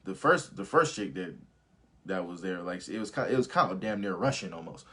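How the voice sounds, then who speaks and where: Brief: male live-stream host, lower voice, loose, profane, laughs a lot. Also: brisk, breathy edge. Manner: animated, profane, laughs often; reads viewer comments aloud. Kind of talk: casual live commentary with viewers.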